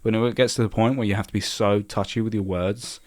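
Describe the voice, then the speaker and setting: A man's voice: on the low side, steady tone, darkish tone. A young man co-hosting a podcast, chatting casually and pushing back with firm opinions. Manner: opinionated, quick to push back. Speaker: podcast co-host. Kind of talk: casual chat.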